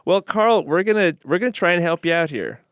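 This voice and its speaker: A man's voice: high-pitched, expressive, brisk, fairly bright tone, clear, resonant tone, dry recording, studio quality. Playful man co-hosting a radio show. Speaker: podcast co-host. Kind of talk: studio radio chat.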